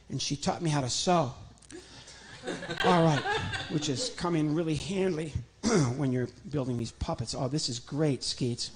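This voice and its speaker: Man from illinois, ventriloquist comedian, chatty and joking, a bit high, noisy clicky recording. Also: moderate pace. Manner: chatty, joking, talks to his puppet. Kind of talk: live stand-up ventriloquism act. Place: church stage.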